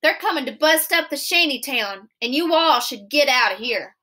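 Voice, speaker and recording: Tired, grumbling cop read by a woman, high bright tone. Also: expressive, moderate pace. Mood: fed up. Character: weary adult male policeman ready to quit.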